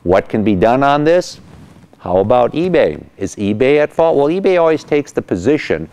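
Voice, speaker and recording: A man hosting a weekly legal explainer as an attorney, telling a case as an animated story and acting out the people in it. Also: mid-range voice, moderate pace. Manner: animated storyteller, acts out quotes. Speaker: attorney host of legal segment.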